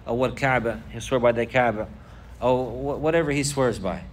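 Male religious teacher, mid pitch, repeats himself for emphasis, slight background hiss. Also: moderate pace. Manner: repetitive, explanatory, emphatic. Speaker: Islamic teacher. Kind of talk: religious lesson.

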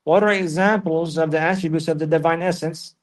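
A man with a slightly high voice and fairly even intonation teaches briskly as an Islamic teacher. He recites verses in Arabic, follows with English explanations, and repeats phrases often for emphasis.

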